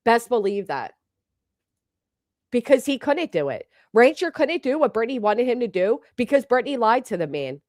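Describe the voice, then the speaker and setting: A middle-aged woman hosts a livestream, blunt and profane, reading out viewer names between heated remarks. Her voice is fairly high, very animated, darkish and moderately paced, in a dry recording with clean studio sound.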